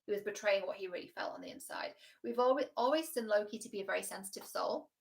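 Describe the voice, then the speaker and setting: A woman relationship coach giving casual reaction commentary, frank and animated, swearing freely. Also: medium pitch, fast talker, vocal fry.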